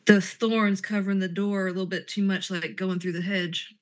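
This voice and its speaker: A woman's voice: medium pitch, little pitch movement, brisk. A woman playing a tabletop role-play game, speaking in character with petulant, sarcastic banter and describing her character's actions.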